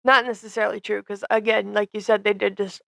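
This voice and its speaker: A woman's voice: mid-range voice, little pitch movement, fast talker, vocal fry, fairly bright tone, no room sound. A young woman co-hosting a podcast, chatting casually and thoughtfully, hedging her opinions. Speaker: podcast co-host.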